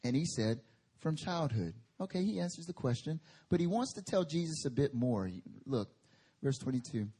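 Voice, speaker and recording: Male preacher, fairly high husky voice, chatty sermon with forceful peaks. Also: expressive, moderate pace. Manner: conversational, rising to forceful emphatic bursts. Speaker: pastor. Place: church service.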